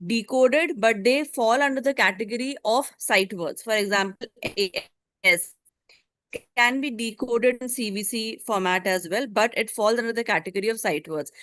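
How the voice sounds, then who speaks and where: Measured woman trainer on a call. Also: a little high, a bit bright, no room sound. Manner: measured, explaining step by step. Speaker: teacher trainer. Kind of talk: explanatory answer in an online training. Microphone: video call.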